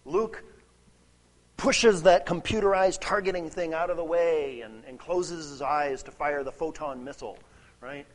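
A man preaching a sermon, conversational and animated, often checking in with "right?" and reading scripture aloud. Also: fairly high pitch, measured pace. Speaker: pastor.

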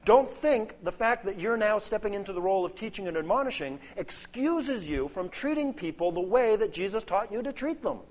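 A man's voice: sits high, animated, normal speed, hardly any pauses. A man preaching a sermon, earnest and emphatic, building points through lists. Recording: dull lo-fi sound.

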